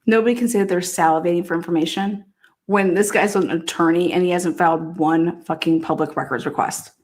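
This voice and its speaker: A woman's voice: lowish voice, fairly even intonation, a little fast, darkish tone. A woman hosting a livestream, reacting to a clip with a profane, mocking rant. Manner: swearing, mocking, bursts of laughter. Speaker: livestream host.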